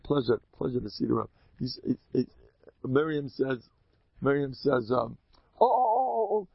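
A man's voice: mid-range voice, dry recording. Male speaker teaching with jokes and questions to the audience; dry, slightly dull recording. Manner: animated storyteller, quizzes listeners, mixes Hebrew and Yiddish terms. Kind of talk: humorous religious lecture.

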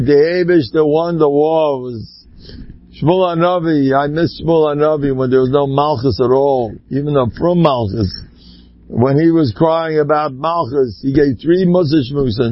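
An older man giving an animated religious talk, full of Hebrew and Yiddish words, swinging from low murmurs to high cries. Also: no room sound, dull audio. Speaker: speaker giving a Torah talk.

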